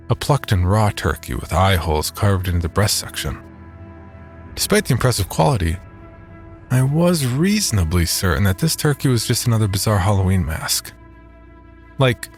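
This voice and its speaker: Deep-voiced man narrating horror. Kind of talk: first-person audio drama narration.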